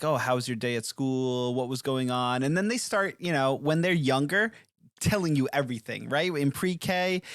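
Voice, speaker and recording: A man's voice: mid-range voice, no room sound, studio quality. A man co-hosting a parenting podcast, talking in a rambling, earnest way and laughing easily. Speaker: podcast co-host. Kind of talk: casual podcast chat.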